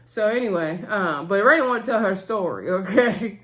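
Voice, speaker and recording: A woman's voice: mid-range voice, animated, a little fast, hardly any pauses, fairly bright tone. Chatty opinionated woman recapping reality TV. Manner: opinionated, slangy, talks straight to viewers. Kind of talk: casual chat recap.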